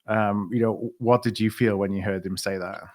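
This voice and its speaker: A man's voice: lowish voice, fairly even intonation, normal speed, no echo. A man co-hosting a football podcast who reads out quotes and asks short questions. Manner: reads quotes and prompts, short agreeing replies. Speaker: podcast co-host, supporter of a rival football club. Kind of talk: podcast interviewing.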